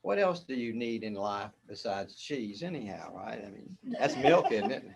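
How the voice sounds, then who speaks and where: A man's voice: lowish voice, sing-song, moderate pace, gravelly, husky. A man as a spiritual teacher, giving a casual, rambling talk where he often repeats words and chuckles.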